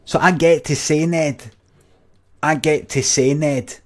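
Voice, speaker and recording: A man's voice: a little high, steady tone, slow pace. A middle-aged man with a Scottish accent, telling a rambling anecdote to his stream in a blunt, sweary way, often restarting his sentences.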